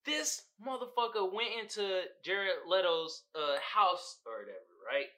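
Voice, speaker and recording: Animated, bright-voiced male podcast host. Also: sits high, measured pace. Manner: animated, profane storytelling with frequent laughter. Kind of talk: casual movie recap chat.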